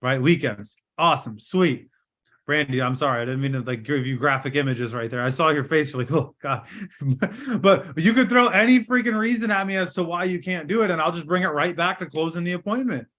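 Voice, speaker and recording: Energetic man coaching sales over a call. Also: fairly high pitch, quick pace. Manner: energetic, direct, coaching with role-played sales lines. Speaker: sales trainer. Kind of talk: live online training session. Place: hotel room.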